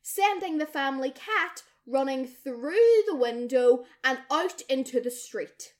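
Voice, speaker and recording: A young woman co-hosts a casual podcast, her voice pitched a little above most women's. She tells stories with animated energy, swears freely, and slips into the voices of the people she describes. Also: a little slow. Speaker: podcast co-host. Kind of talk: casual storytelling chat.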